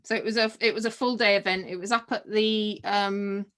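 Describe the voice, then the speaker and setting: Female guest, mid-range voice; lively anecdotal storyteller with frequent laughs and restarts. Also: medium pitch, normal speed. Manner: animated, laughs often, many restarts and fillers. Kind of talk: personal storytelling in a conversation.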